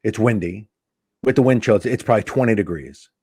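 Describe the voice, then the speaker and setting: A man's voice: fairly low pitch, a little fast, husky, no echo, clean studio sound. A male comedian telling a casual anecdote as a guest, acting out the dialogue. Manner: animated anecdote teller acting out quoted dialogue. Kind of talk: casual storytelling.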